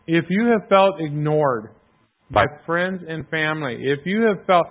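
Male preacher, casual and self-deprecating, slightly high voice, tinny phone-line sound. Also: expressive, measured pace. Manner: conversational, self-deprecating, clears throat often. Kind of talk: sermon.

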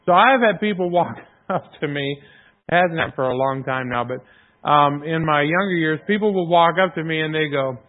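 A man preaching a sermon in a conversational, self-deprecating way, often clearing his throat. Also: on the high side, moderate pace. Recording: tinny phone-like sound.

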